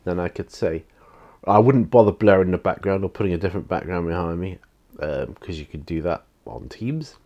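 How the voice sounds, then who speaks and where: Low-pitched and slightly mellow, this man speaks a little fast, and the sound is lo-fi. He hosts a hobby channel and chats loosely to camera in his home studio through the camera mic, restarting sentences and filling gaps as he rambles.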